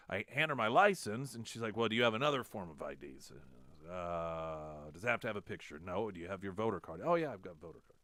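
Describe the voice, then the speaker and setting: A man's voice: low-pitched, no room sound. A man hosting a talk radio show, casually telling a self-deprecating story and acting out the dialogue. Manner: self-deprecating, animated retelling with quoted dialogue. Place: radio studio.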